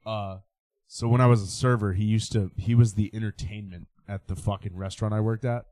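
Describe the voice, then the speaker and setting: A man's voice: on the low side, brisk, no room sound. A man telling rowdy, profane stories in casual banter and acting out the people in them. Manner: animated storyteller, swears a lot, acts out callers.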